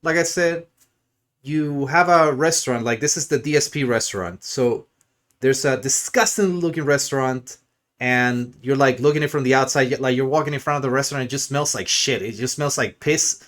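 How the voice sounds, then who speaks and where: Male streamer, mid-pitched, crude and sarcastic, rambling mocking rant. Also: normal speed, fairly bright tone.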